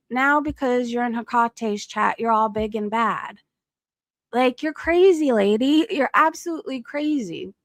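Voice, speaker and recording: A young adult woman streamer in casual gossip mode, blunt and full of profanity, breaking into laughs. Her voice sits a little high for a woman. The sound is dry and close, with no room around it. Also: a little slow, no room sound. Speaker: live streamer.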